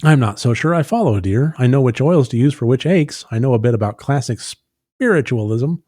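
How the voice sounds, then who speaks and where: A man voicing a fussy middle-aged mother who is a herbalist and spiritualist, in a prim, gently fretting manner. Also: medium pitch, lively intonation, fairly quick, no room sound, studio quality, close to an everyday voice. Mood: concerned.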